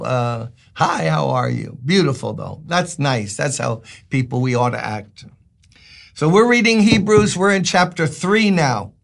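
An older man from Brooklyn, a pastor giving a folksy, joking devotional talk that turns emphatic. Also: a little high. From Brooklyn, New York.

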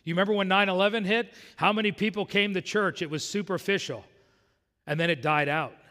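Emphatic high-voiced preaching pastor. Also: male voice, a little fast, bright, forceful tone. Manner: emphatic preaching, voicing God's words with rising force. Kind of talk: sermon. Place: church sanctuary. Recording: long hall reverb.

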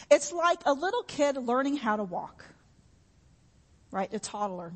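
A woman's voice: high voice, very animated, measured pace, pauses often, long reverb tail. A woman preaching a sermon in an earnest, repetitive way, with homey everyday examples.

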